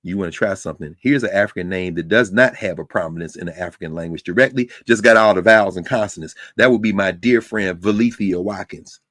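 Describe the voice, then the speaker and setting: A man lecturing to a university class, talking in a lively, conversational way with frequent asides to his students. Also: sits low, fast, hardly any pauses, no echo. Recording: dry close sound.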